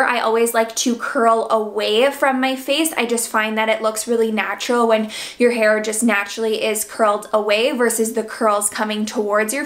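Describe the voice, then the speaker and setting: A young beauty vlogger, seven months pregnant and a little out of breath, walks the camera through her hair routine at home. Her slightly high, fairly bright voice is loose and chatty, full of "like" and "um."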